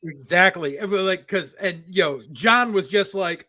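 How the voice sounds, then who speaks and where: A middle-aged man with a slightly high voice tells loose, rambling stories, swearing freely and laughing at his own punchlines. The sound is dry and close, with no room around it. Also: moderate pace, hardly any pauses, pushed and bright, no echo. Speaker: podcast co-host. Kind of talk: casual storytelling chat.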